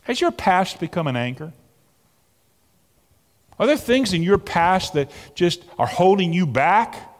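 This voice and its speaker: Animated male preacher in a reverberant hall. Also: high-pitched, unhurried, long pauses. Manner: animated preaching, swinging from loud emphatic peaks to soft near-whispers. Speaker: pastor. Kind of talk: sermon.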